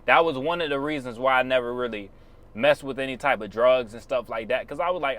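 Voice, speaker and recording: Man, mid-pitched voice, blunt, preachy, slangy, casual motivational monologue. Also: fairly quick, a bit bright. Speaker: YouTuber.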